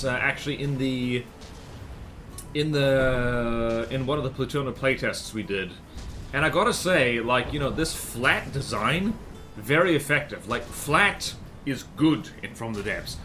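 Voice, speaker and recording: A man's voice: mid-range voice, lively intonation, normal speed, sharp tone, soft background music. Rambling man streaming a game. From American South. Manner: rambling, many fillers and self-corrections. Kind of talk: casual live-stream gameplay commentary.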